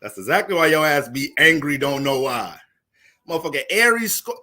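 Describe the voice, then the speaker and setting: A young man casually talking through an astrology livestream, profane and animated, laughing often. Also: on the high side, a little fast.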